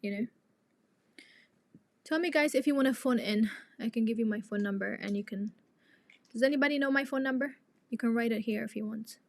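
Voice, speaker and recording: A woman's voice: fairly high pitch, a little fast, gravelly, long pauses, no echo. A young woman, a native Tigrinya speaker, hosting a live chat and talking to her viewers in an outspoken, indignant way. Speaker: live stream host.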